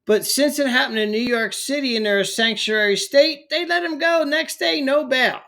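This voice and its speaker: Fired-up guy ranting in his vlog, high voice, trips over his words a lot. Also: moderate pace, gravelly, a bit bright. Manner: heated, ranting, stumbling repetitions. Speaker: political commentator. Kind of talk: angry political commentary vlog.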